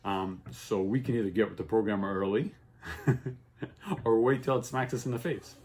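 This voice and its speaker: A man's voice: fairly low pitch, moderate pace, slight background noise. Man teaching a casual religious class. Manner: checks in with "okay?" and "right?" constantly; animated storytelling, voice rising with excitement. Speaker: Torah teacher.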